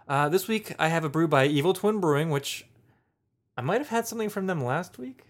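A man's voice: on the high side, expressive, brisk. A man co-hosting a casual beer podcast, jokey and playful in his chat. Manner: jokey, playful, reads labels aloud. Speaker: podcast co-host.

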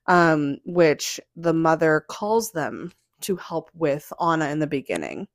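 A woman's voice: low-pitched, animated, a little slow, no echo. Woman cohost gossiping and recapping, says like a lot, dry close sound. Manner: gushing, gossipy recapping full of "like". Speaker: podcast co-host. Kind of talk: casual chat.

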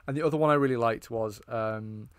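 A man talks casually about a film, rambling and enthusiastic. His voice sits at a middle pitch. The sound is dry and close, with no room around it. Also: brisk, smooth, no room sound. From Britain. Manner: rambling, enthusiastic, lots of fillers and restarts. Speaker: podcast co-host.

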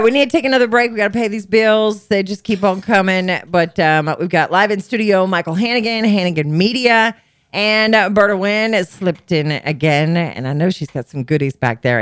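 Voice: mid-range voice, expressive, fairly bright tone, no echo. A local radio talk show host chatting casually in the studio, teasing guests and plugging the station. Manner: breezy, teasing, quick plugs of the station.

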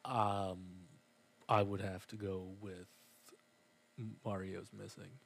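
A man co-hosts a relaxed podcast conversation. He speaks in a dry, measured way with a faintly skeptical edge. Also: sits low, gravelly. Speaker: podcast co-host. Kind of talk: casual chat.

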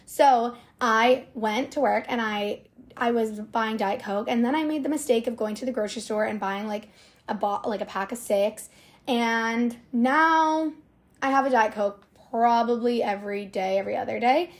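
Young woman podcast host, kinda high voice, rambles a lot, casual chat. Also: normal speed. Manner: chatty, rambling with many fillers.

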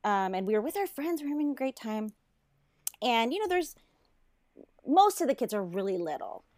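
A woman in her thirties, co-hosting a podcast, telling a story in casual chat, animated, swearing freely and laughing often. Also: fairly high pitch, moderate pace, dry recording. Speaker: podcast co-host.

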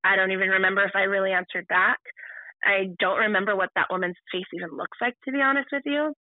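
A woman guest on a podcast, telling a personal story in a halting way, full of restarts and fillers. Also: mid-range voice, steady tone, no room sound. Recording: tinny phone-like line.

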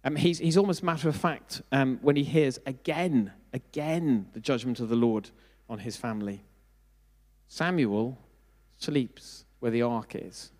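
A middle-aged man delivers a sermon in a relaxed, conversational way. He mixes in self-deprecating asides and asks the congregation questions. His voice sits at an ordinary pitch and carries a long reverb from the hall. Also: measured pace. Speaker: preacher.

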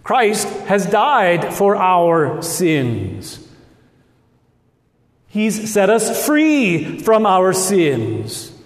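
A Midwestern man from Nebraska, with a slight North Dakota tinge, preaching a sermon as pastor in slow, deliberate phrases with dramatic pauses. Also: high-pitched, huge pitch swings. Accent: Midwestern with a trace of North Dakota. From Nebraska, USA. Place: church sanctuary. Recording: echoey church hall.

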